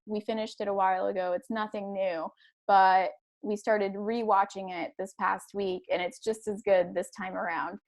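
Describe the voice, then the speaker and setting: Woman, 30s, light Spanish accent, casual co-host, chatty and quick to laugh. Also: medium pitch, vocal fry. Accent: Latin American Spanish. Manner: chatty, laughs easily, lively storytelling. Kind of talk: casual chat.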